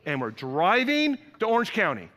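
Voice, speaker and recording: A man's voice: high voice, huge pitch swings, moderate pace, sharp tone, big-room sound. A man preaching a sermon in a large church, telling stories and acting out the people he quotes in playful voices. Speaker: pastor.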